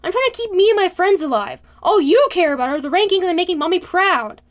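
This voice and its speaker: A prickly teenage boy, quick to snap and defend himself, voiced by a woman narrator. He sounds high and youthful, all defiance. The audiobook keeps him close to the reader's own voice. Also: sing-song, fairly bright tone, full character voice. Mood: angry. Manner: snappish, defensive outbursts.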